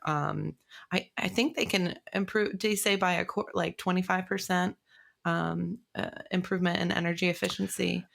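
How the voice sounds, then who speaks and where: Low gravelly woman recapping a podcast. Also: fairly bright tone. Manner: chatty, many fillers. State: voice still husky after illness. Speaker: reporter and podcast co-host. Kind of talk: casual news chat.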